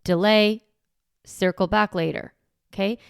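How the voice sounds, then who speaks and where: Relaxed woman parenting coach. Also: medium pitch, unhurried, creaky, smooth, dry recording, studio quality. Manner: casual and reassuring, keeps asking "right?". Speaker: parenting coach and podcast host. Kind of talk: conversational teaching podcast.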